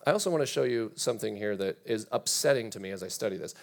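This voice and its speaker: Man preaching an animated sermon. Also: on the low side, quick pace, creaky, few pauses. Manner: animated preaching, reads scripture aloud, rhetorical questions. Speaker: pastor.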